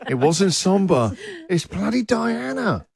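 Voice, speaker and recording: A man's voice: high-pitched, very animated, measured pace, creaky, over loud music. A middle-aged man hosting a casual breakfast radio show, joking and laughing often. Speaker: radio host. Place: radio studio.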